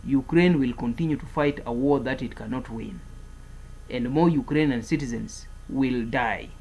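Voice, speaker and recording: Husky man delivering emphatic warnings. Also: medium pitch, normal speed, a little mellow, poor audio. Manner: emphatic, repetitive, declaring and warning. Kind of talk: political commentary monologue.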